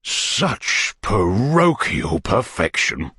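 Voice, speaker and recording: A man voicing a pompous, amorous middle-aged parish beadle who woos in courtly, wheedling tones that sink to soft murmurs. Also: sits low, sing-song, very slow, husky, no room sound, studio quality, heavily acted. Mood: rapturous.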